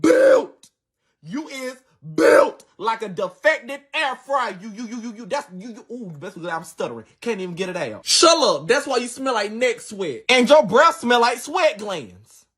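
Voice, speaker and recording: A man's voice: very high voice, very animated, measured pace, a bit bright, voice pushed up, full character voice. A man playing a bossy little girl, sing-song and mocking, voice swooping all over, comedy skit. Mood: sassy. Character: sassy bossy young girl.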